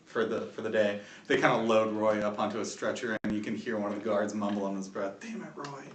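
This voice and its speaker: A man running a tabletop game as game master, narrating in a halting way with many ums and likes. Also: lowish voice, flat delivery. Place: room shared with several players. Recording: echoey room, distant mic, faint noise.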